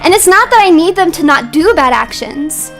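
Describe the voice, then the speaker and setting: Very high-voiced woman ranting on stream. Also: lively intonation, normal speed, creaky, faint music behind. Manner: heated, ranting, rising to shouts. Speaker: vtuber streamer. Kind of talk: casual stream rant.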